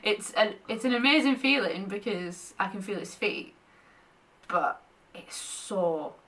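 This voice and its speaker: A woman's voice: mid-range voice, expressive, a little slow, a bit bright, distant mic. A young woman in pregnancy, chatting casually to camera and often short of breath, laughing between thoughts. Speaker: vlogger sharing pregnancy updates.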